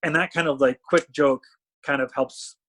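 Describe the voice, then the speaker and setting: A man from Canada, a talent management CEO, chatting as a podcast guest and telling animated stories where he acts out what people said. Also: on the high side, normal speed. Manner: animated storyteller, acts out quotes. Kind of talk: casual storytelling chat.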